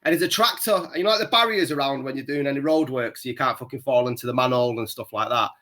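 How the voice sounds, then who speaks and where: Bright-voiced man telling a story. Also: mid-range voice, quick pace. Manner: rambling, swears constantly, laughs at his own story. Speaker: podcast co-host. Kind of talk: casual storytelling chat.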